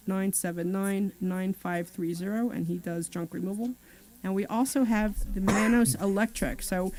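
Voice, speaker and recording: This woman co-hosts a talk radio show, speaking at medium pitch with a darkish tone. She's chatty and reads out sponsor numbers and websites.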